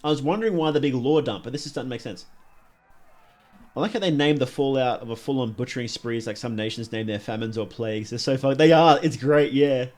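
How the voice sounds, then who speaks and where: A man's voice: mid-range voice, quick pace, darkish tone. A man streaming a live reaction, thinking aloud with curious, enthusiastic comments and musing questions. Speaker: streamer reacting to a horror series.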